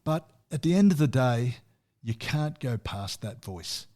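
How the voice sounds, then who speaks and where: A man's voice: mid-range voice, lively intonation, a little slow, darkish tone. A man presenting a music segment on a radio chat show, telling anecdotes and often chuckling at his own stories.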